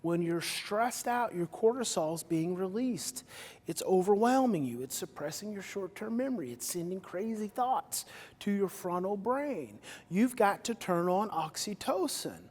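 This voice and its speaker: A man giving a live talk to an audience, energetic and repetitive, with loud emphatic bursts. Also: sits high, measured pace. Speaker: speaker on stage. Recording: reverberant hall.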